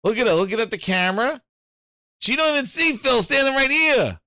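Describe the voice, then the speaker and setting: Excitable slangy male show host. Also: very high-pitched, brisk, no room sound, studio quality. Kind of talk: casual live-show commentary.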